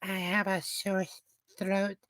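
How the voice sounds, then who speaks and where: Hushed halting young woman, a little higher, quiet, done by a man. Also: completely flat delivery, no room sound, clean studio sound, full character voice. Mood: meek. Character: soft-spoken young woman, whiny patient.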